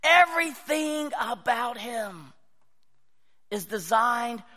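A man preaching a sermon, telling animated stories and acting out the voices of the people in them. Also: very high-pitched, takes it slowly. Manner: animated storytelling, acts out quoted voices. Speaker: pastor. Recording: long hall reverb.

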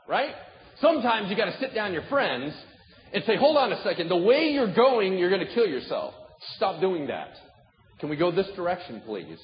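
A male pastor preaching a sermon with humor, acting out little dialogues as he speaks. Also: on the high side. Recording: echoey hall, dull sound, faint noise.

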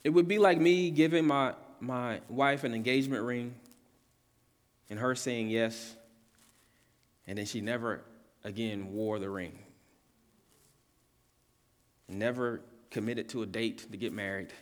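A pastor preaching a sermon with earnest emphasis, repeating key words and rising in pitch and volume at his climactic points. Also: a little slow. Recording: long hall reverb.

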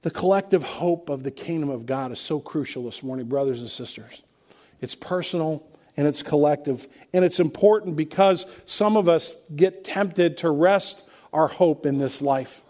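At a normal pace and in a mellow tone, a middle-aged male pastor delivers a sermon with a voice pitched notably high. He speaks conversationally but with emphasis, layering repeated refrains as he develops each point.

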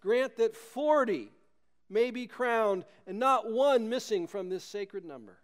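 A man's voice: high voice, lively intonation, slow pace, pitched above the performer's own voice. A man voicing devout Christian soldiers crying out a fervent, pleading prayer in a sermon story.

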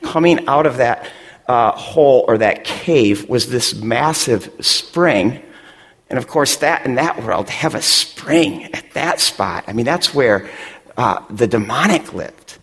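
A man's voice: medium pitch, animated, slow, slightly rough. Impassioned preacher man in a hall. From West Michigan. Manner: impassioned, rising to near shouts. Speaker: pastor. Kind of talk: sermon.

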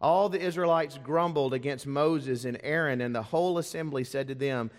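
A man's voice: medium pitch, moderate pace. A man preaching a sermon as a pastor, telling the story dramatically and acting out the voices of the people in it. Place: church sanctuary. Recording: long reverb of a church hall.

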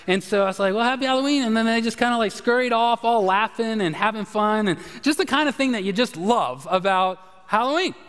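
Man, pastor, sermon, high voice, conversational storytelling, long church-hall reverb. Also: brisk, hardly any pauses, smooth. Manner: conversational storytelling, animated shifts, drops low and quiet at key points. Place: church sanctuary.

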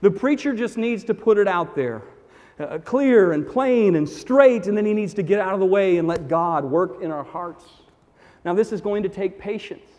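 Emphatic high-voiced male pastor preaching. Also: lively intonation, normal speed, darkish tone. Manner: emphatic, repeats key phrases for effect. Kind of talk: sermon. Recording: long reverb of a large hall.

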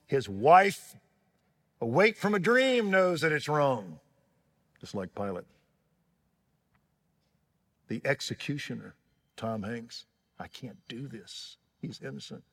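A man from Waco, Texas, preaching a sermon as pastor, telling stories and swelling to loud emphasis on key words. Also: medium pitch, big-room sound.

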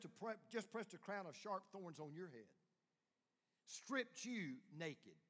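A man preaching a sermon as a pastor, swinging from hushed, close lines to loud, rising calls to the congregation. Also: high voice. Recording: long hall reverb.

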